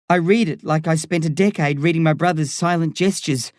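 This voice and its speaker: A man reading a novel aloud in first person, with measured, vivid storytelling. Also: on the high side, no room sound, studio quality. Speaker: audiobook reader.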